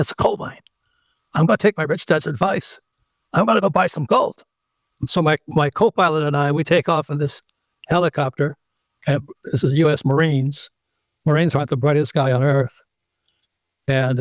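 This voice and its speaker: An older man spins a rambling anecdote as an interview guest, his voice sitting a little high for a man and jumping higher when he acts out the people in his story. The recording is dry and close, with no room sound. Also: no echo. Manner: animated anecdote teller who acts out the people in his stories.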